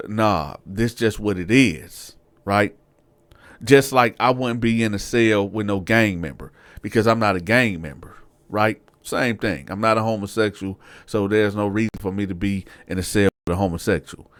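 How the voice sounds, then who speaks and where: A man's voice: on the low side, moderate pace, no echo. A man hosting his channel, telling a casual first-person story full of cursing and asides to the viewers. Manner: profane, animated, addresses viewers. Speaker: show host, storyteller.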